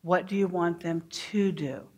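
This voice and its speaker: A middle-aged woman giving a workshop to teachers, speaking deliberately and modeling phrases for the audience to repeat. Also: on the low side, fairly even intonation. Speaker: early childhood educator giving a workshop.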